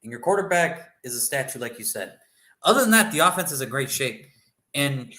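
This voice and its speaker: A man's voice: mid-range voice, very animated, a little fast, sharp tone, roomy sound, low-quality recording. A man co-hosting a sports show, chatting loosely about football picks and rambling as he swears freely. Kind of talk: casual sports prediction chat.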